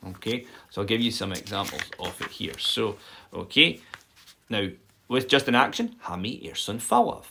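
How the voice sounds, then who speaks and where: A man teaching an informal live-streamed language lesson, chatty and explanatory, often checking in with "okay?" and filling pauses with "um". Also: lowish voice, sing-song, vocal fry, pushed and bright, slight background noise. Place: home setup for a live stream. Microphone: phone or built-in mic.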